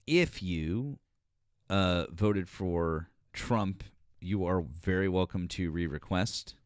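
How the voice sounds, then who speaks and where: A man with a very low voice hosts a casual live stream, chatting with guests and callers. He talks haltingly, full of fillers and restarts. The sound is dry and close. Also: clear, resonant tone, dry recording.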